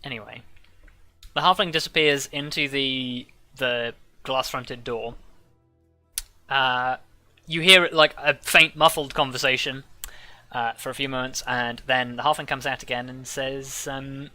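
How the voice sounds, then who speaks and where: A man's voice: medium pitch, steady tone, measured pace, bright, forceful tone, no room sound, faint music behind. A man narrating a tabletop game as game master, casual and full of fillers.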